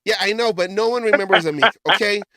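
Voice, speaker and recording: A man's voice: high-pitched, fast talker, crowd noise. A man hosting a casual sports talk show, rambling and often stumbling and correcting himself. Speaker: podcast host.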